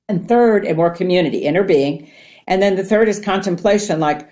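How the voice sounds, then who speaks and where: A woman from Ohio, a guest on mindfulness, teaching in a conversational way, earnest and animated, acting out little quotes as she explains. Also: on the low side, normal speed. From Ohio, United States.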